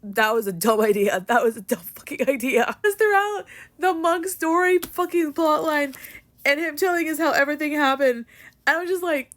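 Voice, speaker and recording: A woman's voice: high-pitched, normal speed, a bit bright. A young woman ranting emotionally about a book in a casual vlog, swearing and rambling with lots of "like". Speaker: book vlogger.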